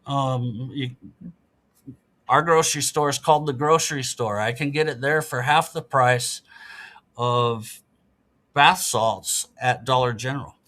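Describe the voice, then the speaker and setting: A man's voice: mid-range voice, a little slow, fairly bright tone. A middle-aged man, a podcast guest, talking casually and explaining things in an earnest, matter-of-fact way. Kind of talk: casual interview talk.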